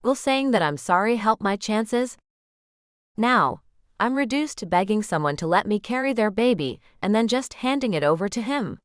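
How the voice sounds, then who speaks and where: A woman narrating a romance audiobook in the first person, with expressive, anxious storytelling. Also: mid-range voice, normal speed, dry recording, clean studio sound.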